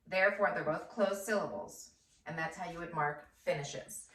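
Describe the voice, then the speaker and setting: A woman's voice: on the low side, normal speed, pushed and bright, far from the mic. A first grade teacher, a woman, giving a patient phonics lesson and sounding out words syllable by syllable. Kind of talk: slow phonics lesson for children. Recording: echoey room, voice off-mic.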